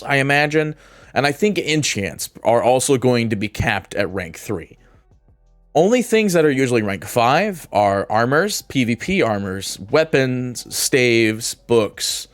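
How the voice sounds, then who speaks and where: A man's voice: mid-range voice, no room sound. A man narrating a casual game tutorial, explaining steps with occasional fillers and self-corrections. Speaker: gaming guide creator.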